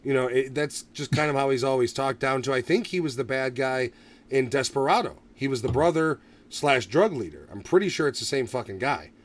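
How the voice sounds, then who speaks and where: Man, podcast host, casual movie review, profane, animated, distant mic. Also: mid-range voice, brisk. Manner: profane, animated, acts out quotes.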